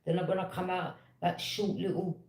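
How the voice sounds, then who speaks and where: A woman, telling a personal story in a casual, animated and indignant way, with quick "yeah?" asides. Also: fairly low pitch. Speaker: tarot reader. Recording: echoey room.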